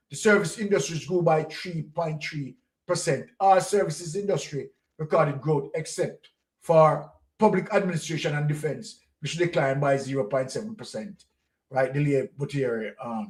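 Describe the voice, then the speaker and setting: A man with a Jamaican accent, hosting the show, reading news documents aloud with scornful, animated asides. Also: a little high, normal speed, roomy sound, far from the mic, rough recording. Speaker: host.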